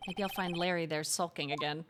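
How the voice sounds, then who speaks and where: A woman voicing an earnest young male lawyer, speaking lower and measured over game music. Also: steady tone, very noisy, natural voice. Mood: thoughtful. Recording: game music playing behind.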